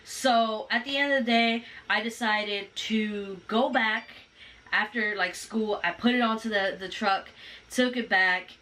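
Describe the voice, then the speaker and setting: A woman with a high, bright, forceful voice tells a story on her vlog. She talks in an animated, slangy way. She sits a little back from the mic. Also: unhurried, far from the mic. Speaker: vlogger. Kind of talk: casual storytime.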